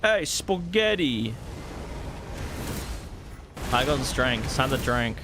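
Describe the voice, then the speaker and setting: A man streaming a video game, giving excitable live commentary, swearing freely and laughing often. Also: medium pitch, a little fast, background noise. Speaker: gaming streamer.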